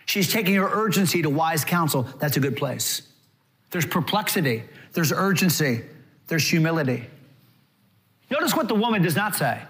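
A male pastor delivering a sermon in a high voice. His pitch rises and falls with lively animation. He slips into quoted voices to act them out. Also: moderate pace.

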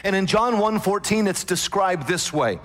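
A man preaching a sermon, quoting scripture and slowing down dramatically for emphasis. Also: sits high, expressive, fairly bright tone. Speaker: pastor. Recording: long reverb of a large hall.

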